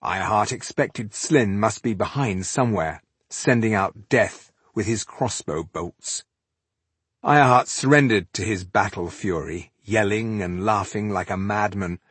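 A man reading a fantasy audiobook as narrator, with measured, dramatic storytelling. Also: fairly low pitch, slightly rough, dry recording. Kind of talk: scripted narration.

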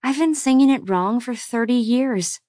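A woman's voice: on the high side, normal speed, mellow, dry recording, studio quality, voice pushed up, natural voice. A woman voicing a spirited, stubborn woman who argues emphatically and playfully. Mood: indignant playful. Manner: indignant, emphatic.

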